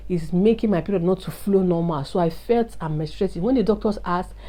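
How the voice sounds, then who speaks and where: A woman's voice: lowish voice, brisk, warm tone. A woman, telling an emotional personal testimony and confiding in her viewers. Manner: earnest, confiding, addresses viewers as guys. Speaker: vlogger sharing a testimony.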